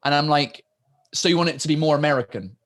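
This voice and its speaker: A man from Britain, a stand-up comedian, chatting as a podcast guest in a joking manner with quick mock quotes. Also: on the high side, a bit bright. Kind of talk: casual podcast chat.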